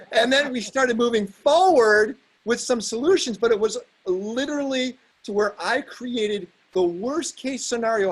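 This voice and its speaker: Lively, gravelly-voiced male host. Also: high-pitched, poor audio. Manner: animated storyteller, laughs often. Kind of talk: casual chat.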